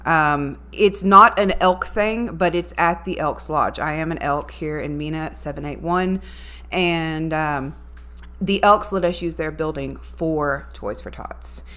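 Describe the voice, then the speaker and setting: A woman's voice: deep voice, measured pace, pushed and bright. A woman, a radio voice talent chatting upbeat as a guest in an interview. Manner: upbeat, chatty, talks to viewers directly. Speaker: radio voice talent and morning show co-host, guest. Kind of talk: casual interview chat.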